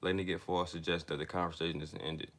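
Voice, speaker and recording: A man's voice: low-pitched, level tone, fairly bright tone. A young man reading a self-help book aloud, stumbling over words, with casual asides to his listeners. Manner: reads haltingly, stumbling and restarting words. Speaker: book reader and commentator.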